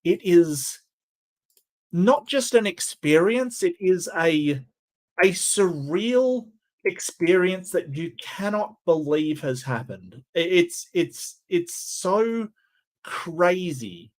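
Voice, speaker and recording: A man's voice: high voice, animated, takes it slowly. A man hosting a debate review, talking in casual, sarcastic commentary with laughing asides.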